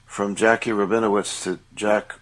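A man co-hosting a casual film discussion, recounting scenes with enthusiasm and some halting restarts. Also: on the low side, level tone, fairly bright tone.

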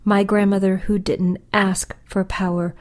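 Slow, deliberate woman poet. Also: medium pitch, little pitch movement, a little mellow. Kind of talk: reading her own poetry.

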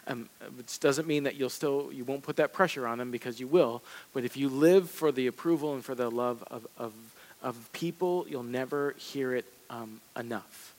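A man preaching a sermon in a relaxed, conversational way, with self-deprecating asides and emphatic repetition. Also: mid-range voice, moderate pace, hardly any pauses, rough recording. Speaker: pastor. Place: church sanctuary.

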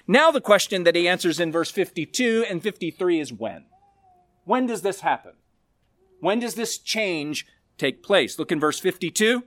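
A male pastor preaching a sermon, expressive, with slow, emphatic stresses on key words. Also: high voice, dry recording.

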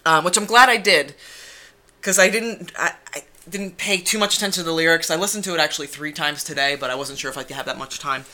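Podcast co-host, very bright tone, rambling, casual record reviews. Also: mid-range voice, fast talker. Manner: rambling, self-deprecating, animated, with swearing and restarts. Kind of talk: casual music review chat.

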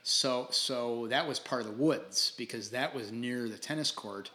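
A bright, forward-sounding man in his sixties, the guest on a casual podcast. He tells his stories with animated energy, laughs often and trips over his own restarts as he goes. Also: medium pitch, measured pace. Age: 60s. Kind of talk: casual storytelling interview.

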